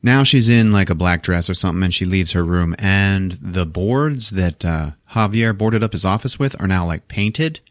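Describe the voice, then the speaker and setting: A man's voice: sits low, moderate pace, few pauses, no echo, clean studio sound. A man hosting a podcast, recapping a movie in a crude, laughing, casual way. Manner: crude, laughing, animated storyteller. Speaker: podcast host.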